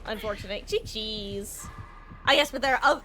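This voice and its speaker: A woman streaming a game live, giving chatty, playful commentary with quick asides. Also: mid-range voice, pushed and bright, soft background music.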